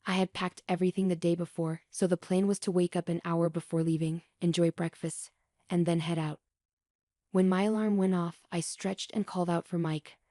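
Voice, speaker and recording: A woman reading a scripted first-person story, calm and steady throughout. Her voice sits a little low with a mellow, warm tone. The recording is dry and close, with no room sound. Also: no room sound. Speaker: story narrator.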